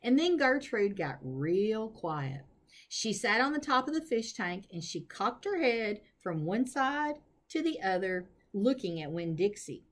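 Woman, children's book read aloud, lively storytelling voice, swoops up and down. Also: mid-range voice, a little slow. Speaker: reader. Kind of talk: reading a children's novel aloud.

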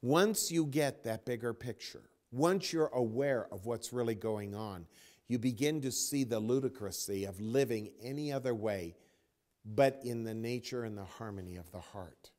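A man giving a spiritual talk as a teacher, telling a story with dramatic pauses and dropping to a near whisper. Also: medium pitch, a little mellow. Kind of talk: spoken dharma talk.

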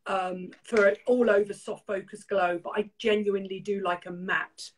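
A woman's voice: mid-range voice, steady tone, normal speed, rough recording. An older British woman hosting a casual beauty chat, opinionated and chatty, telling stories full of quoted lines. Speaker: beauty show host.

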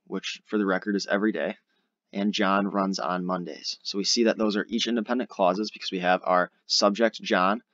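A man's voice: lowish voice, fairly bright tone, dry recording, highs cut off. A young adult man tutoring SAT grammar in a casual, explanatory screen-recorded lesson. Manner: casual, explanatory, uses fillers like "all right".

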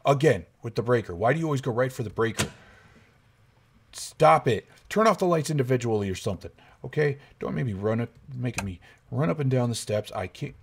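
A man's voice: mid-range voice, animated, a little fast, gravelly, slightly rough. A young man playing a horror game and commentating nervously, muttering to himself and yelping when startled. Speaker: gaming YouTuber.

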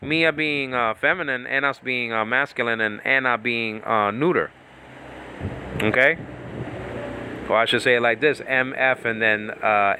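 A man's voice: medium pitch, sharp tone, slight background noise. A man teaching Bible Greek in a loose, rambling way, breaking off into tangents and laughing. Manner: rambling, self-interrupting, laughs often. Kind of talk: casual teaching talk with tangents.

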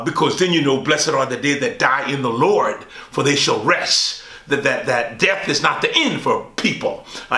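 A male pastor teaching a Bible study, swooping high on quoted lines and asking the listeners questions. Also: bright, forceful tone, reverberant.

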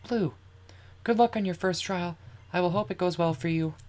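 A gamer voicing a shy, gentle young girl companion, reading the game's dialogue aloud in a soft, earnest way. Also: mid-range voice, normal speed, pitched above the performer's own voice, close to an everyday voice. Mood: polite. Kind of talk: reading game text aloud in character.

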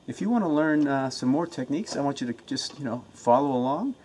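An earnest man talks to his camera at home, fired up and eager to share a self-help routine. His voice sits at an ordinary middle pitch, and he often restarts and repeats his words. A faint hiss runs beneath the recording. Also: lively intonation, fairly quick, darkish tone. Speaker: motivational vlogger.

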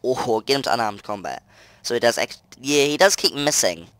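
Excitable man playing a game. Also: medium pitch, moderate pace, no echo. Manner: excitable, muttering to himself between loud outbursts. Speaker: gaming commentator. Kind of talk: let's play commentary. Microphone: close desk mic.

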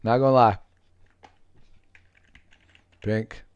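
A man streaming a game live, chatting with viewers, greeting them by name, laughing often and getting excited. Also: fairly low pitch, extremely slow, clean tone, no room sound, dull audio. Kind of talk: live gameplay commentary with viewers.

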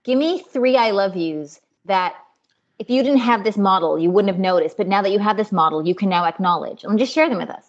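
A woman's voice: mid-range voice, fairly quick. A woman hosting an interview, prompting her guest with questions and asking for concrete examples. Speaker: host. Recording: dull lo-fi sound.

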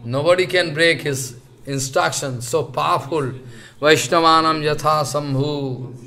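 High, bright-voiced man lecturing slowly. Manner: halting speech with many fillers and repetitions; chants verses slowly. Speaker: spiritual lecturer. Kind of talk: scripture lecture.

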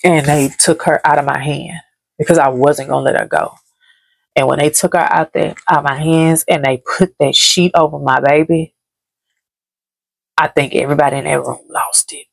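A woman's voice: sits low, steady tone, moderate pace, vocal fry, no room sound. A woman from Dallas, telling a painful personal story on her vlog in a heavy, repetitive, grief-laden way. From Dallas, Texas. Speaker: vlogger. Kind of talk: emotional story time.

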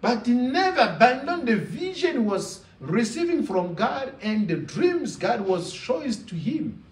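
A man preaches slowly in a high, lively voice. He leans on emphatic, repeated phrases. The sound is roomy and echoey, and he is well back from the mic. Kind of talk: sermon. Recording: echoey room, from far off.

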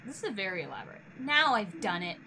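A woman streamer giving casual let's-play commentary, chatty and talking to herself and the game, swinging between nervous and excited. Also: medium pitch, fast talker, very noisy.

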